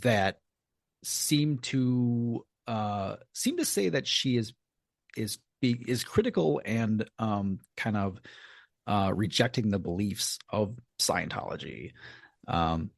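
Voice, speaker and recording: A man's voice: lowish voice, lively intonation, slow, vocal fry, dry recording, clean studio sound. A man co-hosting a podcast in casual chat, hesitant with many ums and stammered starts. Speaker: podcast co-host.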